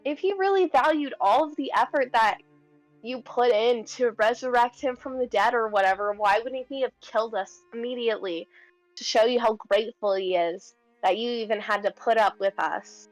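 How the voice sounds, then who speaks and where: A woman's voice: fairly high pitch, normal speed, no room sound, faint music behind. A young woman playing a tabletop game, chatting in a rambling way full of fillers. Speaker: player. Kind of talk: casual tabletop role-play.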